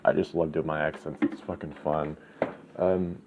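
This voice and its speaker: A man's voice: a bass voice, little pitch movement, moderate pace. A man talking in a rambling, profane, ranting monologue as host of his own channel. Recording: slightly dull lo-fi, faint background noise.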